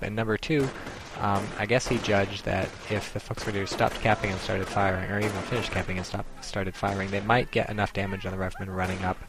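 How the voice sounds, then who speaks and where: Low gravelly man casting a strategy game. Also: heavy background noise. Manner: rambling, explanatory, many ums. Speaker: game commentator. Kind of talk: casual strategy game commentary.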